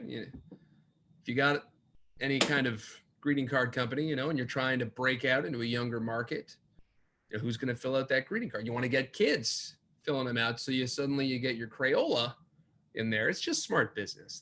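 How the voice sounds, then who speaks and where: A man's voice: mid-range voice, sharp tone. A man hosting an online pub trivia night. He reads and repeats each question and adds playful, jokey asides. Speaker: trivia host.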